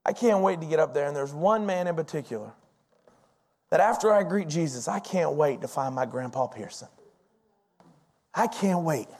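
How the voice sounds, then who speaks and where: A pastor in his forties preaching a sermon, telling personal stories in an animated, folksy way. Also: fairly high pitch, normal speed, long pauses.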